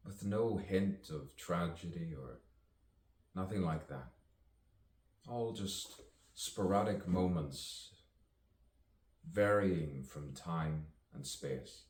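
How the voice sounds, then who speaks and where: Man, very deep voice, slow improvised poetry, playful musing, roomy distant sound. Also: animated. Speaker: actor and poet. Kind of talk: improvised spoken-word poetry.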